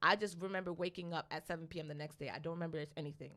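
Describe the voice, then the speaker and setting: A young adult woman co-hosting a podcast, telling a story in a casual, animated way, with plenty of profanity and laughter. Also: sits low, very fast. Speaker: podcast co-host.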